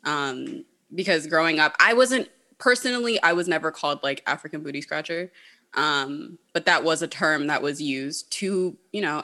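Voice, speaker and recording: A woman chatting casually, telling stories animatedly with lots of fillers and laughter. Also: low voice. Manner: animated storyteller, frequent laughs, filler-heavy. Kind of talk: casual chat.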